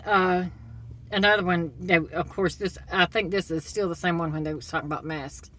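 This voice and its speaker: A woman's voice: on the low side, fairly even intonation, moderate pace, a bit bright. A woman in a casual vlog monologue, retelling a story and giving blunt, critical opinions. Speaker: commentator.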